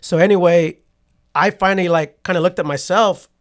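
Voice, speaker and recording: In a high voice at normal speed, a man in his forties from Patterson, California, tells a story as a podcast guest. The interview is casual, and he acts out quotes with animation, repeatedly asking "right?"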